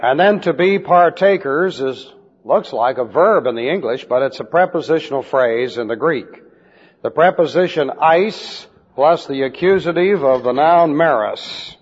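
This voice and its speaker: A man preaching in a deliberate style, teaching Bible doctrine, and spelling out Greek words letter by letter. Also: a little high, lively intonation, husky. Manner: slow, deliberate emphasis on key phrases. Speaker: pastor. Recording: dull lo-fi recording with long hall reverb.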